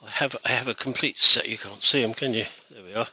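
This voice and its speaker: A man's voice: mid-range voice, fast, sharp tone, a little hiss or hum. A man working as a woodturner on a live stream, chatting casually and thinking aloud with stammering restarts as he works in his workshop.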